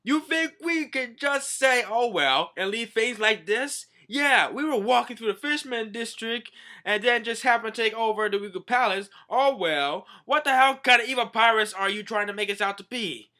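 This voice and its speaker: A man doing a shrill panicky young pirate. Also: moderate pace, bright, forceful tone. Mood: indignant. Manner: shrill indignant protesting.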